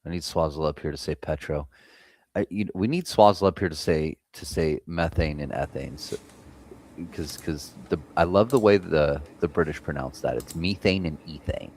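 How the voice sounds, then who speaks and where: A man's voice: extremely low pitch, normal speed, a little mellow. An American man hosting a live trading stream, chatting casually and swearing freely while reading the chat. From United States. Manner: loose, profane, chatting with viewers.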